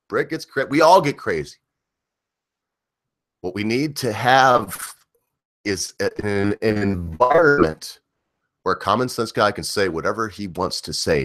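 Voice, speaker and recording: A man's voice: deep voice, fairly bright tone, no echo, clean studio sound. A middle-aged man hosting a livestream, ranting in a rambling, profane way with frequent chuckles. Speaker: livestream host.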